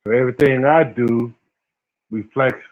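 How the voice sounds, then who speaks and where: Speaking at medium pitch in a steady, unhurried tone, this man in his forties runs a laid-back livestream, reading chat and talking slang. He laughs frequently and addresses viewers by name, and the sound is lo-fi, much like a phone.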